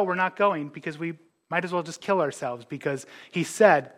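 A man preaching a conversational sermon, animated, acting out the words of biblical characters with casual asides. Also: a little high, normal speed. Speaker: pastor.

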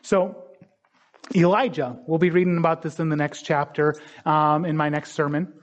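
A man's voice: on the high side, fairly even intonation, normal speed. Man preaching a casual sermon, lo-fi. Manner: conversational preaching, acting out voices in stories. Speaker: pastor. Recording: dull lo-fi sound.

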